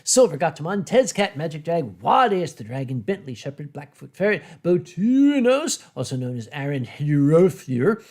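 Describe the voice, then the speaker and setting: A man hosting a casual drinking livestream, talking in a blunt, brash and animated way. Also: a little high, normal speed, hardly any pauses. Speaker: livestream host. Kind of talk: casual drinking-stream chat.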